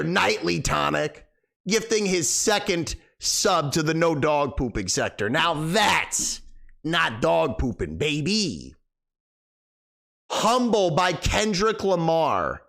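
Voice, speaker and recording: Male game streamer, slightly high voice, animated casual rambling chat. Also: takes it slowly, gravelly. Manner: rambling, animated, thanking viewers.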